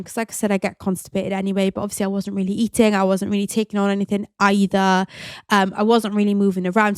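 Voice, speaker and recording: A woman talks openly and chattily, the way a podcast host shares a personal story, with plenty of casual fillers. Her voice sits at an ordinary middle pitch for a woman. The sound is close and completely dry, with no room echo. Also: darkish tone, clean tone. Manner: chatty and open, many "like" fillers.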